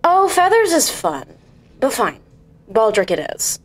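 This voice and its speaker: A woman's voice: on the high side, wildly swooping pitch, unhurried, full character voice. A woman voicing a brash, hard-drinking female sylph sky pirate who teases everyone. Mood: boozy swagger. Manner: sassy and teasing.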